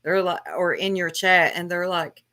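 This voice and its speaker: A woman hosting a livestream, giving scolding, drawn-out commentary in casual chat. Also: lowish voice, steady tone, sharp tone. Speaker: livestream host.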